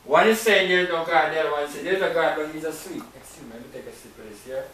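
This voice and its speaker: A man's voice: fairly high pitch, fast talker, fairly bright tone, distant mic. A man teaching from the Bible in a loose, conversational way, often asking "right?" and "you know". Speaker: preacher. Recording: echoey room, voice off-mic.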